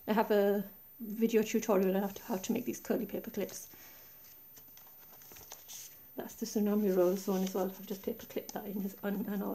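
In a casual show-and-tell, a woman at her craft table calmly walks through her project's pockets and flaps one step at a time. A tablet mounted high above picks up her soft, mellow, mid-range voice, chatty and unpolished, with slight background noise.

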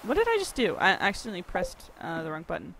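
A woman's voice: fairly low pitch, wildly swooping pitch, quick pace, creaky, fairly bright tone, a little hiss or hum. A woman commenting while playing a farming game, joking and swearing freely. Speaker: gamer. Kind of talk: let's play commentary.

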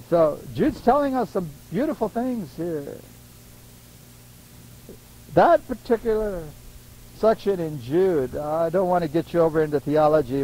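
A man preaching a sermon in a lively way, laughing often and acting out the voices of people he quotes. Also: high-pitched, poor audio.

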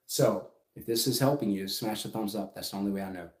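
A middle-aged business coach delivers a casual yet emphatic business lesson on a livestream, frequently checking in with "right?". His voice is fairly low and fairly quick, and the room sounds echoey.

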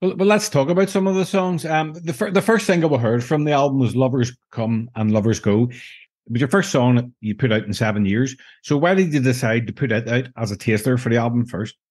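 A man's voice: mid-range voice, fairly quick, darkish tone, slightly rough. A man hosting a podcast and asking interview questions, often stumbling and restarting his words. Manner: stammering restarts.

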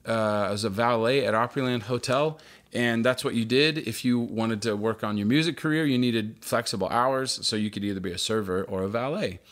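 A man's voice: medium pitch, brisk, a bit bright. A man in his thirties preaching a sermon, earnest and conversational, with light humor and key phrases repeated for emphasis. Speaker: pastor.

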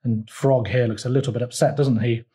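A man reading his own picture book aloud for a children's storytime, gently pointing out details in the pictures. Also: medium pitch, fairly even intonation, a little fast.

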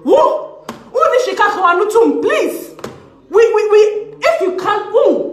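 A woman with a Ghanaian English accent vents to camera in a high voice that leaps up and down as her indignation builds. She is sarcastic and hammers her points by repeating phrases, now and then slipping into Twi. The sound is roomy and echoey. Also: animated, unhurried. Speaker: vlogger. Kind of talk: impassioned rant to camera. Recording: echoey room.

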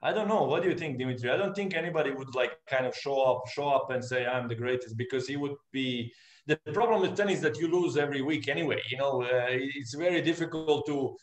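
A man speaking bluntly about the sport, voice bouncing around an echoey room. His pitch is ordinary and mid-range. He sounds direct and opinionated. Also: fast talker. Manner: frank, opinionated. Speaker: guest, tennis coach. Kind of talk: casual video conversation.

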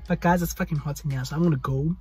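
A man's voice: on the high side, steady tone, fast, darkish tone. A young man with a South African accent, chatting casually to his phone's selfie camera in a rambling vlog. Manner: chatty, rambling, repeats pleas. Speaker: YouTuber. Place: hot indoor room.

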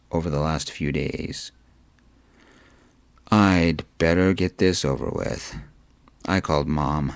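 A man reading a romance story aloud in a calm, soft-spoken narrating voice. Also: deep voice, vocal fry, no room sound.

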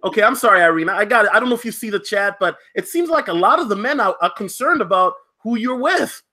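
Host type: a man with a bright, forceful tone who talks upbeat and casual. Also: sits high, expressive, quick pace. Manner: upbeat, reads viewer comments aloud. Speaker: livestream host. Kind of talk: casual livestream interview.

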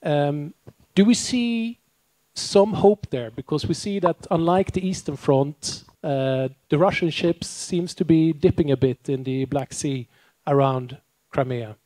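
Male panel moderator, polite and hesitant, fairly high voice, dry sound. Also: a little slow, warm tone, dry recording.

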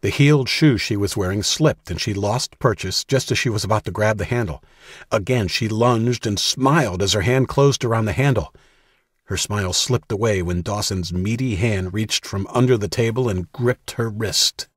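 A man narrating an audiobook in a steady, measured storytelling voice. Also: fairly low pitch, breathy edge, dry recording, clean studio sound.

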